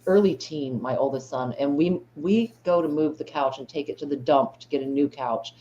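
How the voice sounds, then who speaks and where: Middle-aged woman, lowish voice, blunt crude humor, muffled mic with faint noise. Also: normal speed, mellow. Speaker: stream guest. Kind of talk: casual chat.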